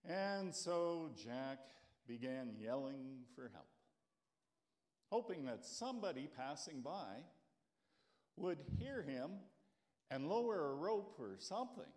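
A man's voice: slow pace, pauses often. A man in his sixties preaching a folksy sermon as pastor. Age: 60s. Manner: folksy, warm storytelling with lively pitch.

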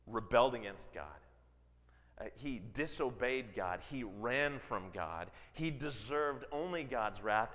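Man preaching in an echoing hall. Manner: dramatic, rising to loud emphasis then dropping low. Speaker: pastor. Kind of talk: sermon. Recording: long hall reverb.

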